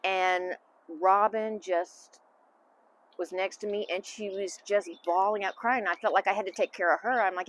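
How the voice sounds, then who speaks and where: A middle-aged woman, answering interview questions as a mother in a candid, halting, emotional way. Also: medium pitch, a little hiss or hum. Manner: candid, halting, emotional, trailing off into soft asides. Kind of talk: casual family interview.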